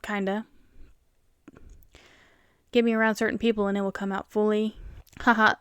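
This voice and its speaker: A woman with a Southern US accent who hosts a show reading online stories, animated and quick to laugh. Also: mid-range voice, smooth, no echo, studio quality. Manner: animated, laughs often, reads in voices. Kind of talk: casual storytelling and reaction.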